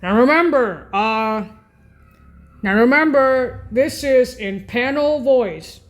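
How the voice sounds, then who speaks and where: Woman keyboard teacher, very slow and halting, pitched a bit high, keeps correcting herself. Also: lively intonation. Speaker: keyboard instructor. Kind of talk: casual keyboard demonstration.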